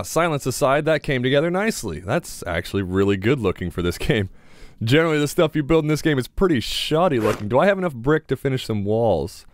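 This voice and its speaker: A man's voice: lowish voice, slight background noise. Chatty young man narrating his gameplay. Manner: chatty, self-talking, mildly sarcastic. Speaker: gaming YouTuber. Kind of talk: casual gameplay commentary.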